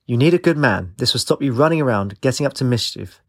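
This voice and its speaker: A man's voice: mid-range voice, lively intonation, quick pace, no echo, studio quality, voice pushed up. A man reading a story, voicing a stern, boisterous older father who pushes his daughter around. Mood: lecturing. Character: proud, pushy older father.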